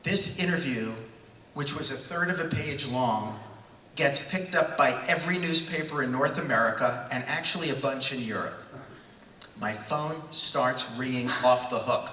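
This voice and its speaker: Bright-voiced man in his sixties telling stories. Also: medium pitch, normal speed, slight background noise. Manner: animated storyteller who acts out voices. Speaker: panel guest. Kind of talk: stage anecdote at a fan convention. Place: large convention hall. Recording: echoey hall, far from mic.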